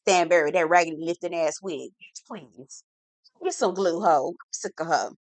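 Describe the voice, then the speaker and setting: With a lowish voice and no room sound, this woman reviews reality TV bluntly and with plenty of slang. Her sassy recap is lively, marked by words she stretches out for emphasis.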